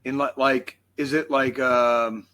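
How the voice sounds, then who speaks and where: A man's voice: medium pitch, steady tone, slow, fairly bright tone. A man co-hosting a casual podcast chat, wry and easygoing.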